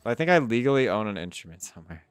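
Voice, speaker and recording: Male streamer, casual and profane, easily sidetracked, animated delivery, clean resonant voice. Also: fairly low pitch, racing, clean tone, no room sound, soft background music. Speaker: live streamer answering chat. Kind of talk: casual live-stream chat.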